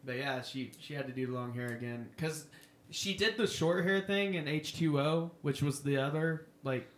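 A man's voice: on the high side, normal speed, roomy sound. A man co-hosting a podcast, chatting casually and laughing often while commenting on a movie. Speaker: podcast co-host.

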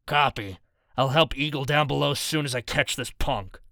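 A man voicing a cold male gunman who speaks in flat, clipped, businesslike lines. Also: mid-range voice, normal speed, gravelly, dry recording, studio quality. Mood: curt.

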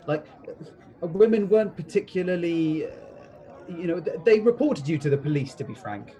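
A man's voice: on the high side, expressive, moderate pace, mellow, lightly acted. A man voicing an awkward pub regular who talks in a hesitant, stammering way. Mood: sheepish.

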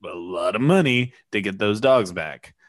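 A man co-hosting a casual comedic chat, talking expressively with halting restarts. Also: on the low side, expressive.

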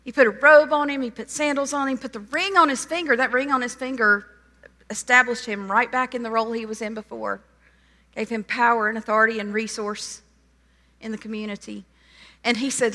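Bright-voiced woman preaching in a reverberant hall. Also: on the high side, normal speed, pauses often. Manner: animated storytelling, retelling a parable in lively quoted voices. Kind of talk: sermon.

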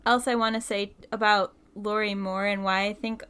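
A woman's voice: medium pitch, little pitch movement, moderate pace, a bit bright, clear, resonant tone. A woman in a casual literary discussion who builds her point carefully in long sentences.

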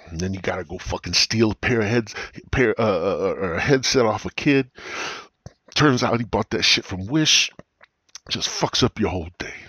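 A man's voice: lowish voice, measured pace, pauses often, bright, forceful tone, breathy edge, dry recording. A man hosting a comedy podcast, rambling through profane, crude stories into a cheap gaming headset. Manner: profane, meandering, crude storytelling. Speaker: podcast host.

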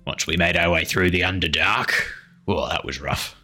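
A man's voice: sits low, moderate pace, sharp tone, soft background music, full character voice. A man voicing a dim two-headed giant whose heads bicker with each other. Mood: chatty.

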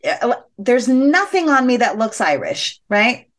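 A woman telling a personal story as a podcast guest, animated and chatty, laughing often and using many fillers. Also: on the high side, unhurried. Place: podcast interview.

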